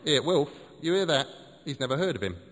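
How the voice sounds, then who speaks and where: A man voicing a small, frog-like pub regular who is loud and exasperated and keeps repeating himself. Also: fairly high pitch, very animated, fairly quick, long reverb tail, voice pushed up. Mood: irritated.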